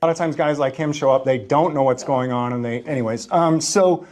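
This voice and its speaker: A man in a recorded street exchange, talking fast and politely. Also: medium pitch, a little mellow. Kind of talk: conversation in a played video.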